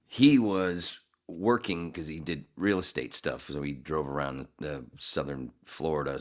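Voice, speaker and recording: A middle-aged man hosting a podcast, telling a rambling, profane story with frequent laughs. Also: very deep voice. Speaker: podcast host. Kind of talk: casual storytelling.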